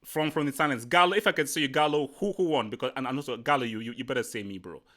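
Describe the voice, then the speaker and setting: A man's voice: mid-range voice, very fast. A man hosting a casual live football chat, rambling and repeating himself as he talks. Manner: rambling, repeats words, animated. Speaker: livestream host.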